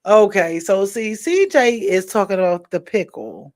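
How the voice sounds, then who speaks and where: A woman's voice: medium pitch, animated, measured pace, darkish tone. A tired woman hosting a livestream, chatting casually and encouraging her viewers as she signs off. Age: adult with a daughter. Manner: chatty, encouraging, loose slangy talk. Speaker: livestream show host. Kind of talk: casual sign-off chat with viewers.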